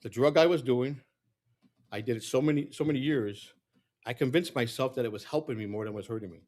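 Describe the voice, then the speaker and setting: A man's voice: medium pitch, a little fast, a little mellow. A middle-aged man telling personal stories in a candid, rambling way, acting out the voices of people he quotes. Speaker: political candidate. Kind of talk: casual storytelling monologue.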